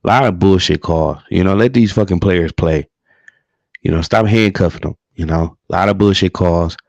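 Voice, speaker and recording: Deep gravelly man ranting heatedly. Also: moderate pace, a little mellow, dry recording, lo-fi sound. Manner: heated, profane, repeats himself. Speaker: livestream co-host. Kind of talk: profane casual sports rant.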